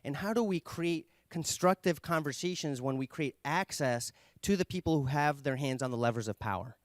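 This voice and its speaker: A man giving an earnest conference talk, explaining ideas and telling a story with pauses and fillers. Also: on the high side, no echo. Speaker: conference speaker.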